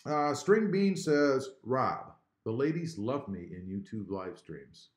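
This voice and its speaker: A man's voice: mid-range voice, expressive, takes it slowly. A man from Texas hosting a casual live stream, reading viewer comments aloud. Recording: echoey room.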